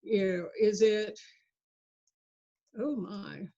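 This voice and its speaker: Chatty woman presenter, mellow voice. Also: mid-range voice, drawn-out words. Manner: chatty, jokey, animated asides. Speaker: workshop presenter. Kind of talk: online workshop lecture. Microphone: video call. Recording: dull lo-fi video call audio.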